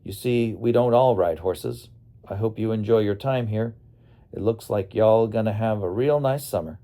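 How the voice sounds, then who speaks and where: A man's voice: fairly low pitch, moderate pace, mellow, natural voice. A man voicing a friendly middle-aged male sheriff with a folksy Texan drawl.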